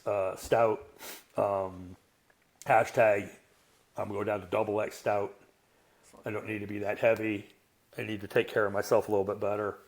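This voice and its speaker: A man in his sixties, a strength coach on a podcast, telling a personal story in a blunt, profane, self-mocking way. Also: fairly low pitch. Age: 60s. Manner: earthy, self-mocking humor. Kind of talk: candid conversational storytelling.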